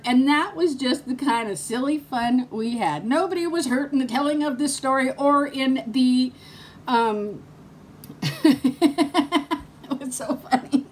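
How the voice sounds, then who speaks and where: Woman, vlogger, casual chat, storytelling, laughs a lot, somewhat high pitch. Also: a little hiss or hum. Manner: chatty, laughs often while telling stories.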